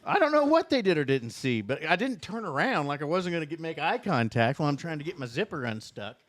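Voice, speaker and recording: A man's voice: fairly high pitch, very animated, fast talker, fairly bright tone, dry recording. A man with a Southern Indiana accent, telling a long comic story on a podcast, cursing freely. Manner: profane rambling storyteller. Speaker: podcast co-host. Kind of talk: casual storytelling.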